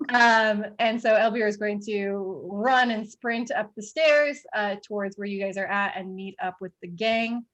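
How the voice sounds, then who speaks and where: A woman's voice: medium pitch, measured pace, few pauses, a bit bright, lo-fi sound. A woman narrating a tabletop game as dungeon master, rambling with many fillers and frequent giggles.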